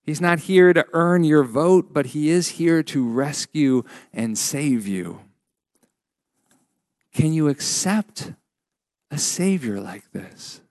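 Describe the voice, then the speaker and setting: A man preaching a sermon as a pastor, measured and emphatic with frequent pauses. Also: on the high side, lively intonation, darkish tone, no echo, clean studio sound.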